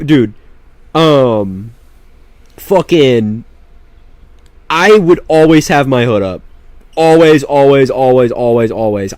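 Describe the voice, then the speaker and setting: A young man telling a rambling, profane story in a casual, animated way, with many restarts. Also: on the high side, no room sound. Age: young adult. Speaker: vlogger.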